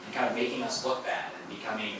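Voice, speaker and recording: A man's voice: on the low side, little pitch movement, fast talker. A man, a university professor, giving an academic lecture in a hall in a conversational way, with fillers and self-corrections. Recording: very echoey hall, voice from a distance, faint noise.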